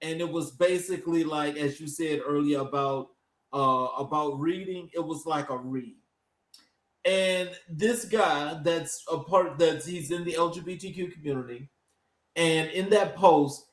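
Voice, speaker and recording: Slow, high-voiced man in a roomy space. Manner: affirming, measured, drawn-out delivery. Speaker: podcast host. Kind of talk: interview conversation. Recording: roomy echo.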